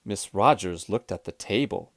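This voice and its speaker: A man reading a children's storybook aloud, clear, expressive and deliberate. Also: fairly low pitch, dry recording, clean studio sound. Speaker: storybook reader.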